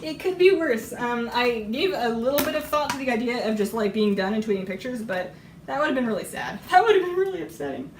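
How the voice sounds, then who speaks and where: A woman with a hoarse, fading voice chats casually and rambles while she bakes on a live stream, often laughing. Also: a little high, animated, quick pace, noisy background. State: hoarse, losing her voice. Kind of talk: casual chat while cooking. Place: home kitchen. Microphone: iPad microphone. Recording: roomy lo-fi tablet audio from a distance.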